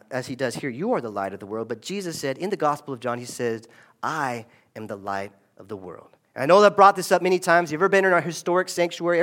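Energetic man preaching a sermon. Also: a little high. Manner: lively, conversational preaching with call-and-response. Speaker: pastor. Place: church sanctuary.

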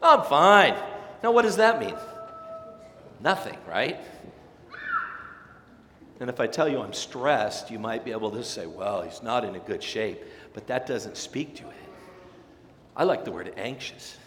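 In a large church sanctuary thick with long, echoing reverb, a man with a lowish voice delivers an energetic sermon a little slowly, leaving long pauses. He animatedly impersonates people in his congregation, and there's slight background noise.

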